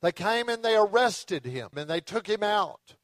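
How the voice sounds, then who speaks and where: A man preaching a sermon in a conversational storytelling way, dropping to soft low tones for the dramatic moments. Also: animated, normal speed, no room sound. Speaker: pastor.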